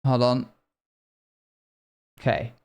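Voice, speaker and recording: A man streams a game live, chatting loosely with his viewers and drifting from one thought to the next. His mid-range voice is darkish and full of vocal fry, with a completely flat delivery and drawn-out words.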